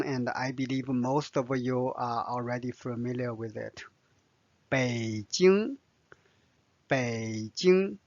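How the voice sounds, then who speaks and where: A man's voice: medium pitch, dry recording. A man with a Chinese accent, a native Chinese speaker, teaching vocabulary patiently, repeating each word with frequent fillers. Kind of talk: slow vocabulary lesson with repetition. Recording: dull, dry lo-fi sound.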